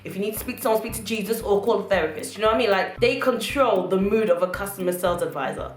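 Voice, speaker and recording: A woman's voice: mid-range voice, fast talker. Sassy young woman in an echoey room. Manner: sassy, animated, acts out customers and managers. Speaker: vlogger. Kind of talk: casual storytelling rant to camera. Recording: echoey room with faint music.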